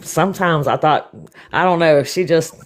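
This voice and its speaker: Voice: mid-range voice, normal speed. A panelist chatting casually on a live stream, sharing opinions expressively. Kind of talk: casual chat.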